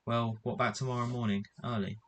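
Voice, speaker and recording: A man reading a storybook aloud, voicing a calm, sensible eldest boy who speaks in a steady, assured way. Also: medium pitch, fast, slight background noise, natural voice.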